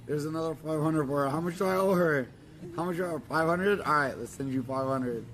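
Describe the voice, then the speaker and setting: A man's voice: on the high side, fairly quick, a bit bright, a little hiss or hum, rough recording. A man livestreaming, gushing and repeating himself, teary as he hands out money. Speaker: livestreamer giving money to a guest. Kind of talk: emotional livestream talk.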